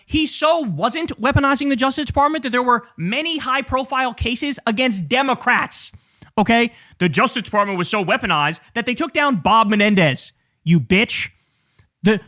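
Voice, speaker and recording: Profane, sarcastic male commentator, high pitch, close dry mic. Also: pushed and bright, no echo. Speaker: political commentary host. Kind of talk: angry political commentary reacting to clips.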